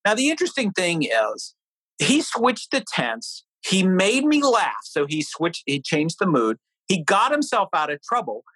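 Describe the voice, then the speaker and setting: Here a middle-aged man from New Hampshire, interviewed as an author and guest, talks through ideas and relates a family anecdote in conversation. His delivery is measured and breathy, yet animated, with a lively pitch. There's no echo, though the recording quality is rough.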